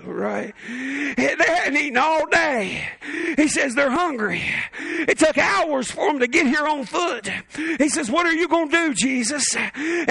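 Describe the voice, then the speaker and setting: A male pastor preaching a sermon, building to shouted peaks and dropping into playful, joking asides. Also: very high voice, vocal fry, no room sound.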